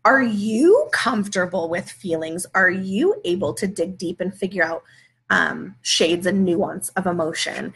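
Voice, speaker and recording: A woman's voice: fairly low pitch, expressive, a little slow, fairly bright tone. A woman who is a parenting educator, giving a conversational live video talk and working through example dialogues.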